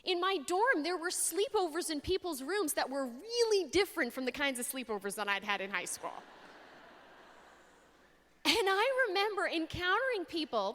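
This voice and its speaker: Young woman from Canada, a slightly high voice, speaker giving an expressive faith story with pauses, heard through long hall reverb. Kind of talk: faith talk to an audience. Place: large hall.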